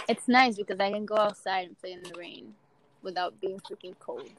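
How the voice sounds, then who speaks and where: A woman's voice: mid-range voice, fairly quick, a little hiss or hum, rough recording. A woman chatting as a guest on a casual podcast, playful and blunt. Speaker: guest, streamer.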